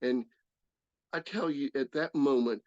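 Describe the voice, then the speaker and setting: A man in his sixties sharing his recovery story in an earnest, halting way, often restarting his sentences. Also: mid-range voice, darkish tone, no room sound. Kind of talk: personal testimony talk. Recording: slightly dull, dry recording.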